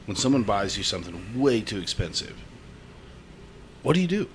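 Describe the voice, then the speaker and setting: A man with a fairly low voice chats easily with friends on a podcast and sounds relaxed. A faint hiss of noise runs behind him. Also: moderate pace. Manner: laid-back, casual, says "dude". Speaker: podcast co-host. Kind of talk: casual chat.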